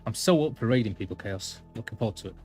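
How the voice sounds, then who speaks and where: A man talks over his live stream as he plays, chatty and a bit self-deprecating. His voice sits on the lower side, and game music plays clearly in the background. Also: lively intonation, fast, a little mellow. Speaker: gaming streamer. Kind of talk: casual live-stream commentary.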